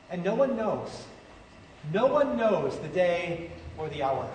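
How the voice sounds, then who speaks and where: A man preaching a sermon as pastor, slow and emphatic with dramatic pauses, recorded in a large church hall. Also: high-pitched, very animated, darkish tone, a little hiss or hum. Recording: echoey church hall, far-off mic.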